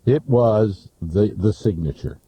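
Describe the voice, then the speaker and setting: A man who is a radio talk show host, appearing as a guest and talking haltingly, often repeating his first words. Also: lowish voice, dark tone, a little hiss or hum. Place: radio studio. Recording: muffled lo-fi radio broadcast.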